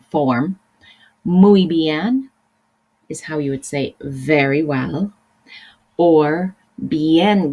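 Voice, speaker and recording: A woman's voice: sits low, darkish tone, rough recording. A woman teaching a recorded language lesson, explaining patiently and switching between English and example phrases. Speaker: Spanish teacher.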